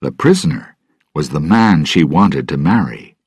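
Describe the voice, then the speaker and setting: A man narrating a story slowly and deliberately for English learners. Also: extremely low pitch, big pitch swings, darkish tone, breathy edge, dry recording.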